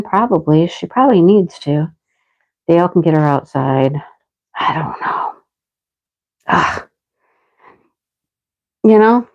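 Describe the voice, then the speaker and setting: A woman's voice: medium pitch, darkish tone, poor audio. A middle-aged woman hosting a casual livestream, chatting with viewers and talking to her dogs. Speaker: livestream host.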